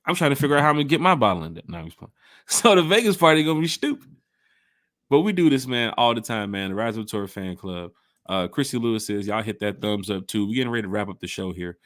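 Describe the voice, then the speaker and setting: A man co-hosting a casual sports fan podcast, hyped and slangy, shouting out viewers in the chat. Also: on the low side, fast talker, dry recording, clean studio sound. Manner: animated, hype, slangy, reads chat shout-outs. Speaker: podcast co-host.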